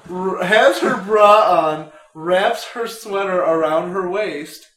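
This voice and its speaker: A man's voice: high-pitched, slow pace, roomy sound. Profane young man telling a crude story. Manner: profane, animated, acts out quotes. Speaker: storyteller among friends.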